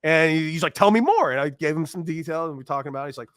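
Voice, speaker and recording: A man in his thirties, a former ball player, telling stories in a casual interview, animated and laughing. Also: on the high side, racing, no room sound, studio quality. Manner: animated storyteller, acts out quoted voices, laughs often.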